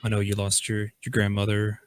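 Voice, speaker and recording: A man hosting a podcast, asking questions in a halting, casual way. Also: on the low side, monotone. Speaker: podcast host. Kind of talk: casual interview chat.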